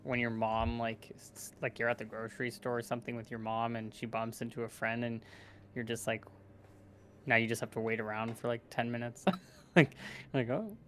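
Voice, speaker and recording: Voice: mid-range voice, fairly even intonation, moderate pace. A player talks through their reasoning in a rambling, casual voice. They laugh often, and there is a faint noise in the background. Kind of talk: casual tabletop game chat.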